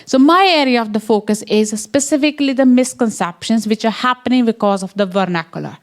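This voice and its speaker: A woman's voice: on the high side, fairly quick. A woman from the English Midlands with an Indian accent, a science education researcher presenting to a room and checking in with her listeners. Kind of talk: academic talk with slides.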